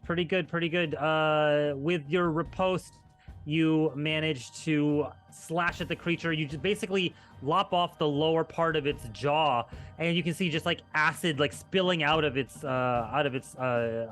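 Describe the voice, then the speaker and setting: A man's voice: a little high, a bit bright. A man running a tabletop game as game master, narrating in a loose, filler-heavy way.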